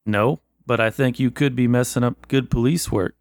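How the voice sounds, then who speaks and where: A man voicing a blunt, suspicious 1920s police officer in a tabletop role-play, gruff and dismissive. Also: medium pitch, fairly even intonation, normal speed, no echo, clean studio sound, lightly acted. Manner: gruff, plain-spoken, dismissive. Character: blunt suspicious male 1920s Boston cop.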